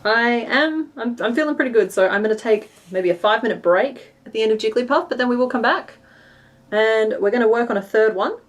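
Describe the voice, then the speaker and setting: A woman's voice: fairly high pitch, brisk, lo-fi sound. Chatty West Australian woman crafting on stream. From Western Australia. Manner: chatty and self-deprecating, narrating her hands-on work. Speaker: crochet streamer. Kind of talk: casual live-stream chat while crafting.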